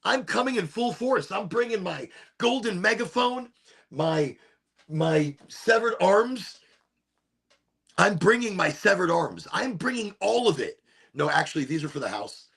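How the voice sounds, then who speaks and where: A man hosting his own podcast, rambling in a relaxed, playful and self-amused way. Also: high-pitched, a little slow, creaky, breathy edge. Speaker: podcast host. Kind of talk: casual stoned monologue.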